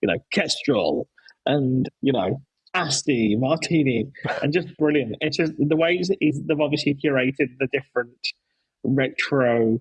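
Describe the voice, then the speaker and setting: A man's voice: medium pitch, a little slow, husky, no room sound, poor audio. A man hosting a casual podcast, telling stories with enthusiasm and lots of restarts. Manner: rambling, enthusiastic, many restarts. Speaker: podcast host, dad.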